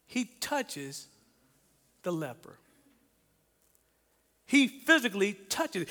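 A man preaches an animated sermon in a high, bright voice. He asks his listeners questions and acts out the voices he quotes. A long hall reverb trails behind every phrase. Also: normal speed, long pauses. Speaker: pastor.

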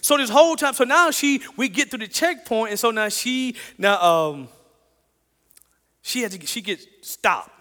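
A man preaching with a high, bright voice, full of energy as he tells a story. He repeats phrases and chuckles as he speaks. The sound carries a long echo, as in a big church hall. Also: lively intonation, measured pace. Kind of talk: sermon with personal story.

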